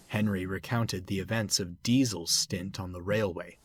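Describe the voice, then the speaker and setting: A man narrating a storybook tale in a measured, expressive way. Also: fairly low pitch. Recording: loud background noise.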